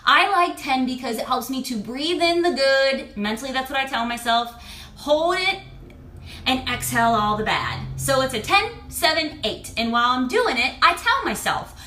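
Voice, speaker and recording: A woman's voice: high-pitched, animated, normal speed, sharp tone, echoey room. A woman in her thirties, a fertility and lifestyle coach, talking candidly and expressively to camera and swearing now and then. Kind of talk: casual talk to camera.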